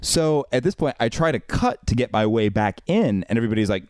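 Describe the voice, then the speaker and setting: A man co-hosting a podcast, telling a long story in an exasperated, animated way with many fillers and restarts. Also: mid-range voice, fairly quick, few pauses, no room sound, clean studio sound. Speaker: podcast co-host. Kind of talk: casual storytelling chat.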